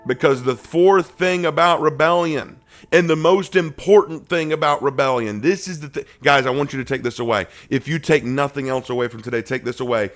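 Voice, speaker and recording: Guy preaching a bible study, mid-pitched voice, goes loud then drops to a near whisper, does little voices for quotes, faint music behind. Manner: dramatic swings between loud emphatic bursts and slow hushed phrases; acts out quoted speech with lively shifts in voice. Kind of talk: sermon-style Bible teaching.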